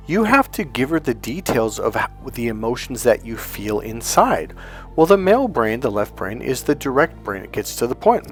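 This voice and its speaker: A male relationship coach talks straight to his listeners in an emphatic, persuasive monologue. His voice sits at a mid pitch, and he slips into quick acted lines from both partners. Soft music plays faintly underneath. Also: sing-song. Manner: emphatic, acts out quoted couples' lines.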